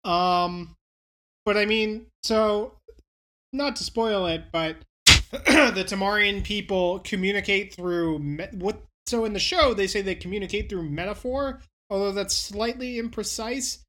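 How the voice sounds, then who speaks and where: A woman's voice: mid-range voice, measured pace, fairly bright tone. Brash, profane woman recapping. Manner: brash, profane, acts out characters' reactions. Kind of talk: casual chat, recapping an episode.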